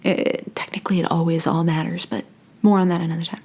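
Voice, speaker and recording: A young adult woman channeling spirit in a casual talk to camera, playful and drifting into soft whispered asides. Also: on the low side, level tone, fast talker, breathy edge. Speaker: spiritual channeler and meditation host.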